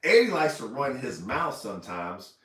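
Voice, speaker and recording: A man's voice: mid-range voice, very animated, normal speed, fairly bright tone, far from the mic. A man telling a rambling, laughing story on a casual livestream, recorded in an echoey room away from the mic. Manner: rambling, laughing, repeats himself. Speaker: fishing show host. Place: indoors, house room.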